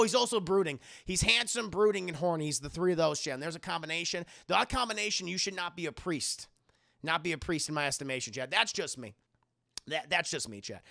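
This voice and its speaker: Gravelly, bright-voiced man recapping for chat. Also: fairly high pitch, moderate pace. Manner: chatty and profane, keeps addressing the chat. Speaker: TV show reviewer streaming live. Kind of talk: casual live-stream recap.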